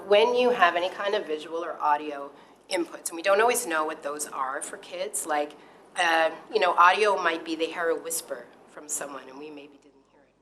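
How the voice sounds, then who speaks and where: Low-voiced teacher explaining brain science. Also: female voice, a little hiss or hum, poor audio. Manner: animated, explanatory, with fillers. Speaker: high school teacher. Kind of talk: presenting at a parent talk.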